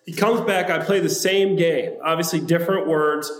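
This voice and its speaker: A man in his thirties tells stories in a casual podcast chat, with a slightly high voice. He acts out the people he quotes with lively energy. The sound is echoey. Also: moderate pace. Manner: animated storyteller who acts out quoted people. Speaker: podcast co-host, former football tight end. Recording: echoey room.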